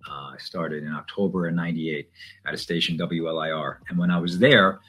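A man's voice: deep voice, fairly even intonation, fairly quick, a bit bright, slightly rough. A man from the New York area, a radio DJ, telling stories in an easygoing, casual way. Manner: easygoing, anecdotal, many fillers. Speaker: radio DJ and stadium announcer. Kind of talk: casual interview chat.

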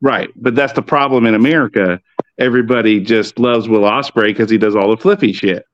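A man talking in a relaxed, loose way, swearing freely as he explains, with a fairly low voice. The sound is dry and a little dull, like a modest home mic. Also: brisk, no echo. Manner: laid-back, profane, explanatory. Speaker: podcast guest on wrestling. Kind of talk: casual chat.

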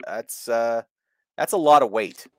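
A man hosting a casual wrestling review podcast, animated and profane, laughing often. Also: medium pitch, measured pace, no echo, studio quality. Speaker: podcast host.

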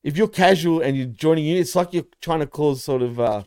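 A man's voice: fairly high pitch, fairly quick, darkish tone, clean tone, dry recording, studio quality. A man co-hosting a show in casual chat, talking loosely with lots of slang fillers. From Greece. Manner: loose and slangy, peppers talk with "bro" and "like". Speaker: podcast co-host.

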